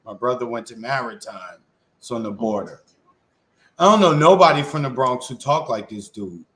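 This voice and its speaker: A man from Queens, co-hosting a political podcast in a blunt, profane, animated way. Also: medium pitch, moderate pace, a little hiss or hum, low-quality recording. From Queens, New York. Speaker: co-host. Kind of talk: casual political podcast chat.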